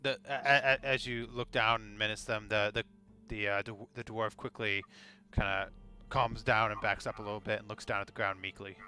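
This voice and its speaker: Man, game master, bright voice, halting narration, faint music behind. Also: on the low side, steady tone. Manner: halting, filler-heavy narration.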